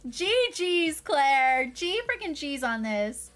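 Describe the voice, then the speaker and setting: Bubbly high-voiced woman streamer. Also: lively intonation, slow pace, few pauses, a bit bright. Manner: bubbly and effusive, frequent laughter and fillers. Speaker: variety streamer. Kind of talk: casual livestream chat.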